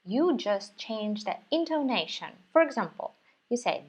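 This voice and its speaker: Female language teacher, Russian accent, very unhurried delivery, patient and repetitive, slightly dull recording. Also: fairly high pitch, big pitch swings, a little mellow, breathy edge. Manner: patient, repeats words slowly for learners. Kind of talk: slow, careful language lesson.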